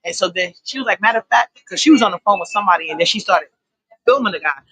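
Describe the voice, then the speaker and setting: A woman's voice: lowish voice, animated, rapid-fire, fairly bright tone, slightly rough, no room sound, poor audio. A woman chatting casually in a vlog, animatedly retelling a story from a city bus. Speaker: vlogger.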